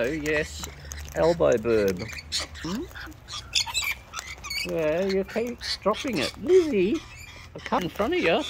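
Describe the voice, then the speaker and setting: A bird-feeding vlogger stands in a garden, sweet-talking the wild birds in a sing-song baby voice that sits low. The background is noisy with bird calls and animal sounds.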